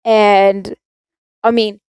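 A woman's voice: medium pitch, little pitch movement, very slow, darkish tone, clean tone, no echo. A teenage girl from South Africa hosting her own podcast, rambling and contradicting herself in a casual rant. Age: teens. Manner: rambling, self-contradicting, chatty. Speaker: podcast host.

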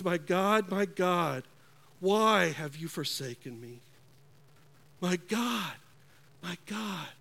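Man preaching slow and earnest, kinda high voice, goes quiet for effect. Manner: slow, earnest preaching with dramatic hushed drops. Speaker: pastor. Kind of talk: sermon.

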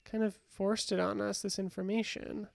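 A woman's voice: mid-range voice, level tone, normal speed, creaky, no room sound, studio quality. A young woman co-hosting a podcast, chatting casually about a reality show with lots of fillers and restarts. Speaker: podcast co-host.

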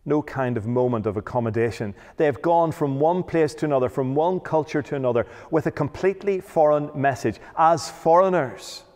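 A man's voice: fairly high pitch, fairly quick, hardly any pauses, darkish tone. Man, preacher, emphatic sermon, rhetorical questions, echoing church hall. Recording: long hall reverb.

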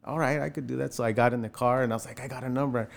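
A man in his forties tells a story in a casual interview, with a mid-range voice. He brings quoted people to life with sudden rises in pitch. His speech is loose and full of fillers. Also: very fast, gravelly. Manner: animated, acts out quoted voices with jumps in pitch, many fillers. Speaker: actor telling his start in film.

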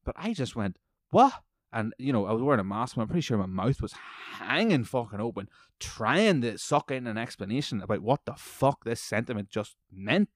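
A man's voice: mid-range voice, big pitch swings, moderate pace, no echo, clean studio sound. A man, hosting a podcast and telling a heated, profanity-heavy story. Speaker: podcast host. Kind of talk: profane ranting monologue.

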